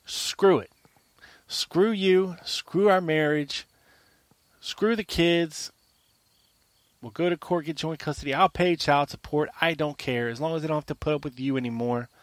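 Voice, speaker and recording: A fed-up young husband, as a podcast host puts him on, blunt and dismissive, tossing off each complaint in a slightly higher voice than usual. The sound is dry and close, with no room echo. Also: male voice, unhurried, long pauses, fairly bright tone, close to an everyday voice. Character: fed-up young husband venting at his wife.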